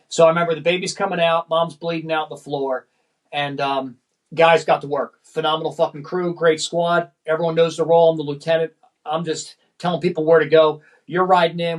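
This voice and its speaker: A man's voice: fairly high pitch, poor audio. A middle-aged man, a former firefighter lieutenant, tells a personal story as a podcast guest in a rambling, profane way, often tagging sentences with "man".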